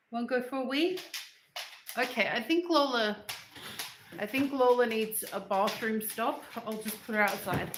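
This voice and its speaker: A woman talks unhurriedly and casually on a home livestream, her voice sitting a little high. She chats loosely and coos at her dog in between. The room around her sounds roomy and echoey. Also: background noise. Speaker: livestream host. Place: at home, indoors.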